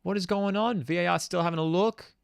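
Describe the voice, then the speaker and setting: A man's voice: sits high, fairly quick, vocal fry, clear, resonant tone, no echo, clean studio sound. A young man hosting a live football watchalong, ranting in exasperation and casual slang while reading out chat messages. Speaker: host of a football watchalong stream.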